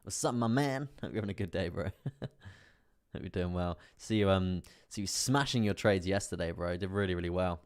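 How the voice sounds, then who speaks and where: On his live stream, a young crypto trading streamer chats casually about trades in a low-pitched, smooth, slightly dark voice. His tone stays steady and his speed normal, and he drops in plenty of fillers and side remarks to viewers.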